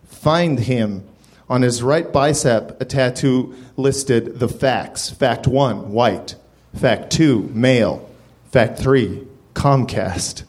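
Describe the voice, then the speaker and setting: A man reading a comic story aloud, deadpan, on a comedy club stage into a handheld mic. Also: medium pitch.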